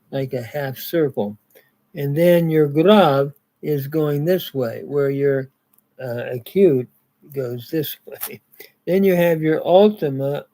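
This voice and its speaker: Guy teaching grammar, slow and methodical, kinda mellow. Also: a little high, poor audio. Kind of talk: grammar lecture.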